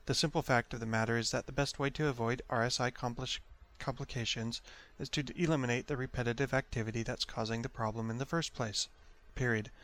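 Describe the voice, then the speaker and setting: A man dictating an article aloud in a careful, measured way, speaking each punctuation mark. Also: medium pitch, steady tone, fairly bright tone.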